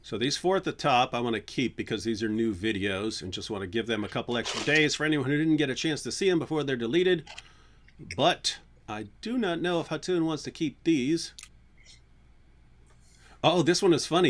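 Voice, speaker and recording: Rambling man hosting a livestream. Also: mid-range voice. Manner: rambling, many fillers and restarts. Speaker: livestream host. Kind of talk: casual livestream chat.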